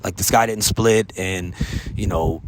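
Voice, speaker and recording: A man's voice: low voice, unhurried, noisy background. An American man hosting a podcast, speaking in an earnest, casual monologue, often tagging his sentences with "man" and "right?". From United States. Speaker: podcast host.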